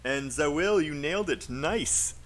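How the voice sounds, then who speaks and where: British man, teacher, live online class, encouraging, slightly high voice. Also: expressive, unhurried, a bit bright. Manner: patient, encouraging, drills sentences aloud. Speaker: IELTS teacher.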